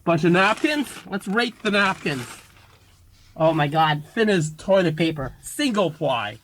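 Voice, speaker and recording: A food reviewer opening a video, complaining in a grumpy way about a fast-food item. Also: mid-range voice, animated, slight background noise, poor audio.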